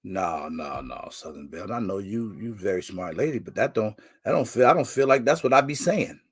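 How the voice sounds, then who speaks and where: Gravelly, slangy livestream host, a man. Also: lowish voice, lively intonation, brisk. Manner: slangy, laid-back, joking, shouts out names. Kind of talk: casual live-stream chat greeting viewers.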